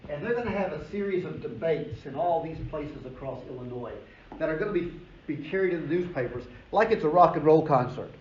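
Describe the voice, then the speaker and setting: A man's voice: fairly high pitch, a little fast. Man lecturing with emphasis in a roomy hall. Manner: energetic, emphatic storytelling with casual asides. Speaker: history professor. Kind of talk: classroom lecture. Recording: roomy, dull lecture recording with faint noise.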